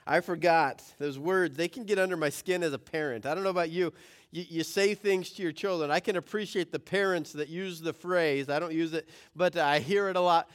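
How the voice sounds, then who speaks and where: A man's voice: a little high, moderate pace, clear, resonant tone. A male pastor giving a conversational sermon to his congregation, mixing family stories with scripture. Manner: conversational preaching with anecdotes. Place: church room with congregation. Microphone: forgot microphone, picked up by room audio.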